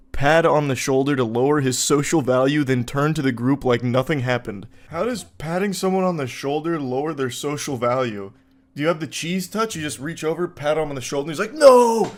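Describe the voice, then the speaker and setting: A man with a mid-range voice hosts a comedic commentary video, reading forum posts aloud and riffing on them. His tone is sarcastic and incredulous, with plenty of filler words.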